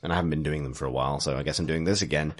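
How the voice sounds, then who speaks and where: A man hosting a casual podcast chat, husky and jokey, reading out listener mail. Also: rumbling low, rapid-fire. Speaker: podcast host.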